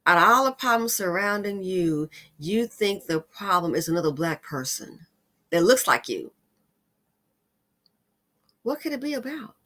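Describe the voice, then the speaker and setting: Woman ranting on her commentary channel, bright forceful voice, gets upset and emotional, sometimes goes quiet and tired. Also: medium pitch, big pitch swings, a little slow, pauses often. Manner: emphatic, heated, sometimes drops to a weary hush. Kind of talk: opinionated commentary monologue.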